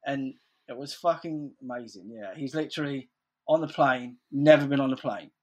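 A man's voice: mid-range voice, moderate pace. A man telling stories in casual chat, rambling, swearing freely and saying "like" constantly.

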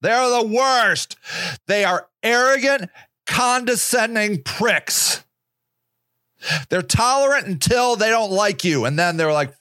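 A man's voice: high-pitched, animated, takes it slowly, bright, forceful tone, no echo, clean studio sound. A man hosting a podcast, delivering a profane, sarcastic monologue rant with mocking put-on voices. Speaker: podcast host. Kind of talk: opinionated monologue.

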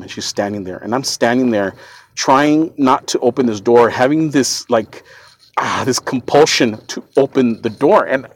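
A man at a middle pitch tells a personal story as a podcast host. He speaks earnestly, sounding shaken, and keeps stumbling, repeating words and restarting his sentences.

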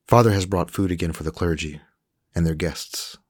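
A man voicing a gentle young woman who speaks softly and breathily. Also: deep voice, moderate pace, no room sound, clean studio sound. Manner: soft, breathy.

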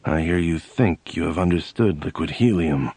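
A man reading an audiobook who voices a taciturn older male professor, speaking slowly, low and grave. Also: warm tone, husky, no room sound. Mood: gruff, dour.

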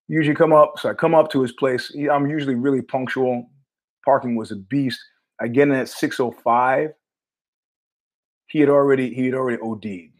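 A man's voice: medium pitch, fairly even intonation, a little fast. A man hosting his own show, telling a story in a blunt, profane, conversational way. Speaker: host. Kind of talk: casual storytelling monologue.

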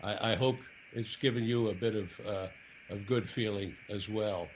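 A man hosting his own radio program, speaking earnestly and haltingly with repeated words as he wraps up an interview. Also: on the low side, fairly even intonation, slight background noise, low-quality recording. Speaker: radio show host.

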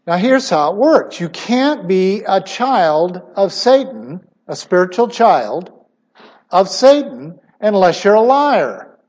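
A middle-aged man preaching a sermon emphatically, his voice swinging suddenly between loud stressed words and quiet asides. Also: high voice, very animated, slow pace, lo-fi sound.

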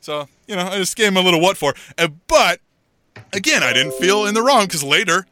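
A middle-aged man co-hosting a podcast in casual chat, telling a story in an animated way and acting out what people said. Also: high voice, fairly quick, slight background noise. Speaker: podcast co-host.

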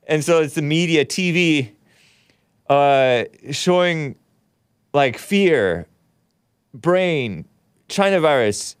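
A man's voice: a little high, smooth, no room sound, studio quality. A male talk show host riffing casually, joking asides to viewers and reading out chat comments.

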